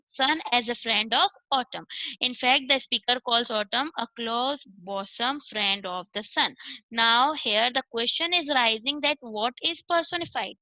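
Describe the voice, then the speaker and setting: A woman teacher with an Indian accent gives an online class in a bright, forceful, higher-pitched voice, on a dry recording with poor audio. She explains step by step, switches between English and Hindi, and checks in with "okay."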